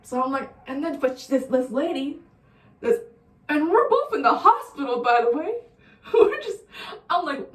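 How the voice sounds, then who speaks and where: A woman's voice: high voice, sing-song, moderate pace. A young woman vlogger telling a rambling, profane story in a casual storytime way. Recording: roomy sound, distant mic.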